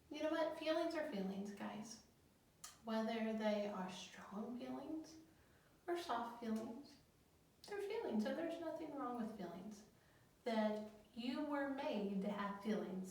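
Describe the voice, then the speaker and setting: A woman counselor talks slowly and gently to young children, asking them questions and waiting for their replies. Her voice sits a little high and comes from some way off the mic. The room adds heavy echo, with a faint hiss underneath. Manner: slow, gentle, questions the children and leaves pauses for answers. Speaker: elementary school guidance counselor. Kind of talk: video lesson for young children. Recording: very echoey room, voice from a distance, faint noise.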